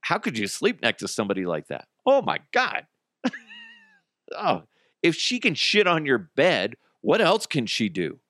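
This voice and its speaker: A man's voice: medium pitch, a little slow, no echo, clean studio sound. A man hosting his own podcast, ranting casually and crudely with jokes and silly voices. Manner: crude, animated, jokey storytelling with put-on voices. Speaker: podcast host. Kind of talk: casual solo podcast rant.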